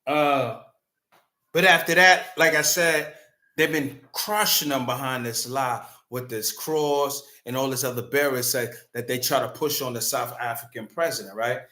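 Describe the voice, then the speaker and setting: A man commenting casually on news clips, loud and slangy, repeating himself as he talks. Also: mid-range voice, steady tone, moderate pace, roomy sound.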